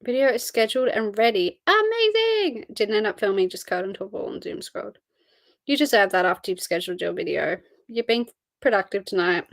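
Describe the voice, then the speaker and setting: A woman's voice: mid-range voice, quick pace, creaky, dry recording. Chatty tired young woman, dry sound. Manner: chatty, reads out and answers chat messages. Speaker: livestream host. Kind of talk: casual live-stream chat.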